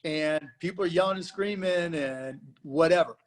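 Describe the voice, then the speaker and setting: A man speaking as a guest on a panel discussion, talking in an animated way and acting out rowdy moviegoers. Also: fairly high pitch, normal speed. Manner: animated, acts out shouting moviegoers.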